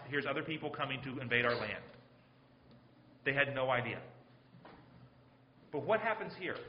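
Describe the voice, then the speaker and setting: A man's voice: medium pitch, a little hiss or hum. Earnest preacher man in a roomy hall. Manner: earnest, pleading, with repeated phrases. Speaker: pastor. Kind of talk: sermon. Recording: roomy, slightly dull sound.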